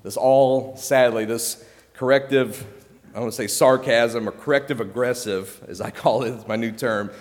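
A man preaches in a relaxed, conversational way, often stopping to correct himself and checking in with the congregation. His mid-pitched voice carries a long reverb tail from the church room around him. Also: normal speed. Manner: conversational, self-correcting, uses "okay?" and "like" often. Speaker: pastor. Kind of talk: casual sermon. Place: church sanctuary.

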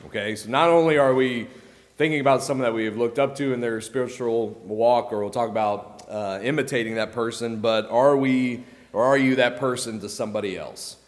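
A man's voice: mid-range voice, fairly quick. A man preaching a casual sermon as pastor, conversational and self-correcting, often checking in with "okay?" and "like". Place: church sanctuary. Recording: long church reverb.

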